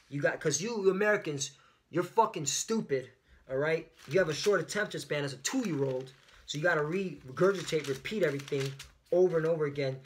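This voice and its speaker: A man's voice: fairly high pitch, a bit bright. A man preaching fiery, confrontational religious commentary on the news, peppering his talk with "all right?".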